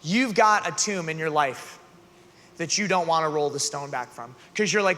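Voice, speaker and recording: Bright-voiced man preaching in a big hall. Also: on the high side, expressive, normal speed. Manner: earnest, conversational, builds to loud emphatic passages. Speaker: youth conference speaker. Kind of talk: energetic youth talk in a large hall. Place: large arena hall. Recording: long hall reverb.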